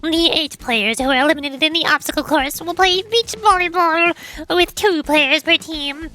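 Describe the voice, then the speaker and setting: A woman's voice: high voice, moderate pace, faint music behind. A woman doing a peppy event announcer. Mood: hyped. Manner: bright, showy, hyped.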